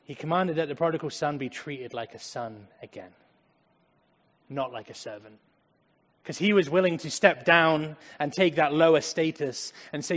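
Dramatic preacher man with a high voice. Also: normal speed. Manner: dramatic, swings from loud to hushed. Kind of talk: sermon. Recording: echoey hall.

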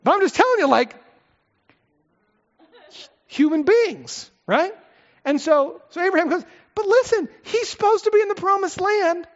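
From the pulpit, a middle-aged pastor gives a conversational expository sermon packed with asides and rhetorical questions. His very high voice is animated, with a moderate pace and long pauses. The echoey hall makes the sound slightly dull.

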